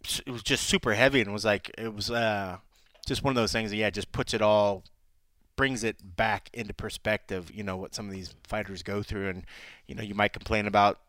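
A man's voice: on the low side, fairly even intonation, fairly quick, a bit bright, no room sound. A man co-hosting a podcast, chatting loosely, acting out little quotes and laughing easily. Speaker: podcast co-host. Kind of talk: casual podcast chat.

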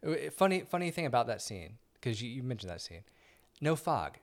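A man's voice: mid-range voice, big pitch swings, brisk. A man co-hosting a podcast, joking and chatting casually in a movie review. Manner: joking, chatty, prone to asides. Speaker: podcast co-host.

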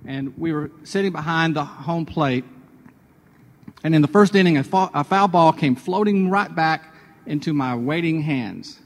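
A man with a somewhat high voice talks in a chatty, storytelling way on a radio devotional. He moves from personal anecdotes to a spiritual lesson. A long hall reverb trails after his words. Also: a little slow. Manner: chatty, personal anecdotes building to a sermon point.

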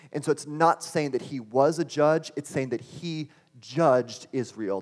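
A man preaching a sermon, earnest and building to impassioned exclamations. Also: mid-range voice. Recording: long hall reverb.

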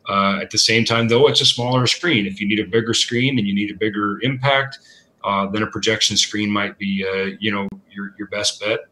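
A man answering questions as an equipment expert, talking casually and filling pauses with "uh" and "you know". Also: on the low side, fairly even intonation, bright, forceful tone, a little hiss or hum. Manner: thoughtful, filler-heavy with many uh and you know.

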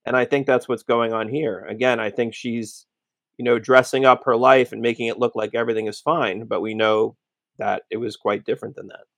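A man's voice: mid-range voice, level tone, a little fast, vocal fry, no room sound. A man on a podcast interview, giving analytical, conversational commentary.

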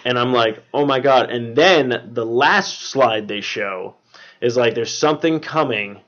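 A man's voice: medium pitch, a little slow, a bit bright, muffled recording. A man hosting a podcast, recapping a film in casual chat with lots of fillers and swearing. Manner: rambling, many fillers and swearing. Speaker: podcast host.

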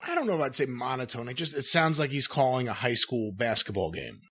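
A man's voice: mid-range voice, expressive, brisk, pushed and bright, slightly rough. A man co-hosting a podcast, talking through his analysis of old wrestling commentary in a casual way. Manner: analytical, talks things through. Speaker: podcast co-host. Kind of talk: casual conversation about old wrestling footage.

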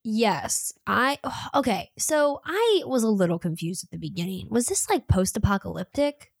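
A woman's voice: mid-range voice, big pitch swings, normal speed, gravelly, no echo, studio quality. A woman in a casual book review chat, rambling and filling her talk with "like". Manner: rambling, many fillers.

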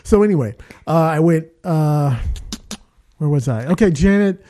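A man, an actor being interviewed, who tells rambling, animated stories with lots of fillers. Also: on the high side, a little slow. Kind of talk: casual storytelling.

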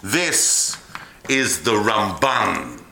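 Bright-voiced man lecturing animatedly. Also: fairly low pitch, extremely slow, gravelly, slight background noise. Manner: animated storytelling, addresses the audience. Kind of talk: history lecture to a live audience.

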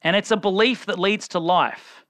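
A man's voice: high-pitched, normal speed, fairly bright tone, no room sound. A man preaching a conversational sermon, acting out the people in the story as he retells it.

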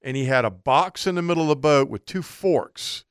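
Man, co-host, smooth clear voice, animated storyteller, dry close sound. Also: on the high side, moderate pace, dry recording. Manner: animated storyteller, laughs through anecdotes. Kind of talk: casual storytelling chat.

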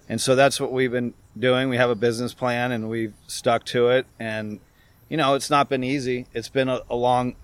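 A man's voice: mid-range voice, no echo. Earnest business owner man. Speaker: company co-founder, podcast guest. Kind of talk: casual interview talk.

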